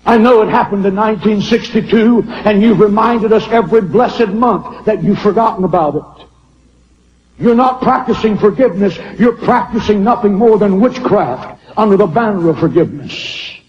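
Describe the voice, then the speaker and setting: A man preaching a sermon, swinging from shouted lines to hushed ones as he tells a story. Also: high-pitched, big-room sound, lo-fi sound, a little hiss or hum.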